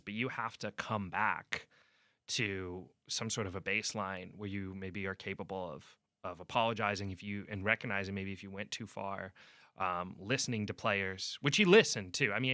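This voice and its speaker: A young man, a sports reporter, telling a story in an animated way and acting out quotes during a podcast interview. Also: on the low side, no room sound, studio quality.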